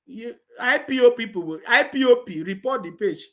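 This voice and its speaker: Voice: mid-range voice, lively intonation, brisk, a bit bright. A commentator with a Nigerian accent, mocking his targets and laughing often as he talks. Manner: taunting, laughs often, repeats "you understand me". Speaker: political commentator.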